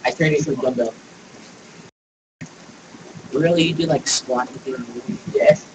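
A man's voice: medium pitch, unhurried. A man chatting casually while playing a game, joking and swearing with his friends. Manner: joking, profane banter. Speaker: gamer. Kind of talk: casual gaming chat. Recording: distant mic with room noise.

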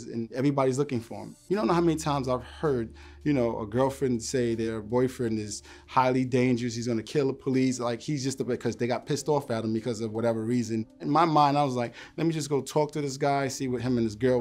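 Animated man telling a police story. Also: mid-range voice. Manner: animated storyteller, acts out voices in quotes. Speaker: former police officer. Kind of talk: storytelling interview.

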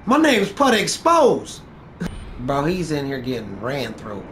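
A man's voice: fairly high pitch, wildly swooping pitch, a little slow, background noise. A man trash-talking another player while he plays an online game, taunting and boastful, with heavy swearing and repeated jabs. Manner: taunting, boastful, profane, repeats lines for effect. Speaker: gaming YouTuber.

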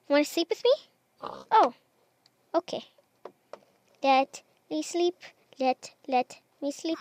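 A woman with a high voice narrates her game in a slow, unhurried way. She chats and wonders aloud, coaxing the animals along, with a faint hiss of noise behind her. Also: a little mellow. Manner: chatty, unsure, talks to animals in game. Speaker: gamer. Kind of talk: casual Minecraft let's play commentary.

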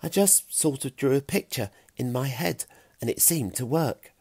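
A man voicing a modest, nervous young girl archer who speaks hesitantly and softly. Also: medium pitch, animated, moderate pace, creaky, slightly rough, no room sound, voice pushed up. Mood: shy. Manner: hesitant, soft-spoken.

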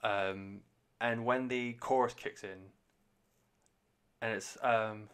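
A man's voice: fairly low pitch, measured pace, fairly bright tone. A man giving a rambling, enthusiastic and sweary casual review of an album on a podcast.

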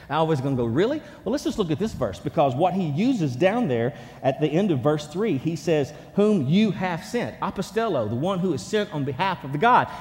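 Animated male preacher in a reverberant hall. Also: high voice. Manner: animated preaching, swings from hushed to loud. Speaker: pastor. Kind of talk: sermon. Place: church sanctuary.

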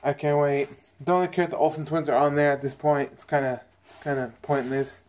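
This man's voice sits on the high side, with a level, darkish tone and a fairly quick pace. He chats casually with his viewers as he recaps and reviews a TV episode, rambling, repeating himself often, and acting out the characters' lines.

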